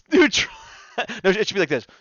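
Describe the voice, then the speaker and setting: A man's voice: sits high, very animated, normal speed, fairly bright tone, no room sound, muffled recording. A man co-hosting a casual live-stream discussion, chatting, reading viewer comments aloud and laughing often. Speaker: co-host of a fan discussion stream.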